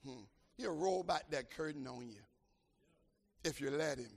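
An older man preaching a sermon as pastor, swinging from shouted climaxes to quiet, conversational asides. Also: a little high, measured pace, creaky.

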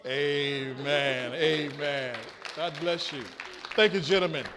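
A man preaching a sermon, swinging between soft asides and loud calls. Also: on the high side, fairly even intonation, takes it slowly, a crowd in the background, background noise. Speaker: pastor. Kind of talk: sermon with a live illustration.

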